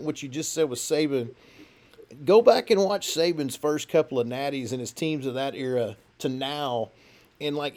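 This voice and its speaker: A man's voice: a little high, darkish tone. A man co-hosting a casual sports podcast, rambling through stories and laughing often. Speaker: podcast co-host.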